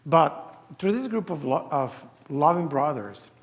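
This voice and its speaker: A Mexican business founder, with a slightly high, expressive voice and a somewhat slow delivery, tells his earnest testimony to a conference. In the reverberant hall, he reenacts things he once said.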